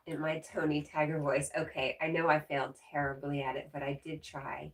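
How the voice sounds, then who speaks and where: A woman's voice: low voice, fairly even intonation, normal speed, few pauses, distant mic. A woman hosting a livestream, chatting casually as she reads viewer comments aloud and laughs often. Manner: chatty, laughs often, talks to her dog. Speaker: livestream host.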